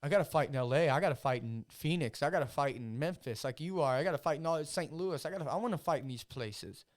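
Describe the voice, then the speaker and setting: A man's voice: on the high side, expressive, fast talker. Profane hyped-up young man. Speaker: podcast host and amateur fighter. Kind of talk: casual chat.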